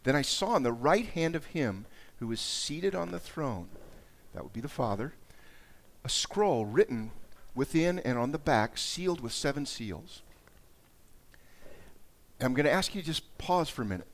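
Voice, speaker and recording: A man's voice: medium pitch, animated, moderate pace. A man preaching a conversational sermon, often repeating and restarting words and raising his voice when he reads scripture aloud. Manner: conversational, dramatic rises in voice while reading scripture. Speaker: pastor.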